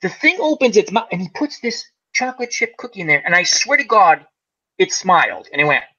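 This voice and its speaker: Speaking a little fast in a high voice, this male host narrates a long anecdote during a casual fireside chat. He animatedly acts out the characters' voices and laughs a lot, while the lo-fi recording sounds muffled.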